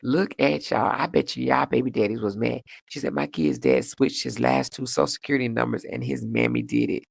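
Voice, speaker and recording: Sassy, gravelly-voiced woman. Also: fairly quick, no echo, clean studio sound. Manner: animated, sassy, laughs often, pitch jumps high for emphasis. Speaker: livestream host. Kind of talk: casual livestream chat reading comments.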